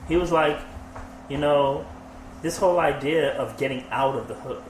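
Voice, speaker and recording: A man co-hosting a casual podcast discussion, relaxed and agreeable, paraphrasing what others said. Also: on the high side, moderate pace. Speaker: podcast co-host. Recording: echoey room with faint hiss.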